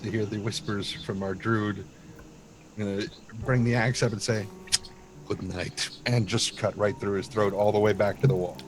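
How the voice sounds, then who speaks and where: A man playing a tabletop game who drops wry asides and calmly describes his character's actions. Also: on the low side, normal speed. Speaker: player. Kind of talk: tabletop game play, casual. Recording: noisy background.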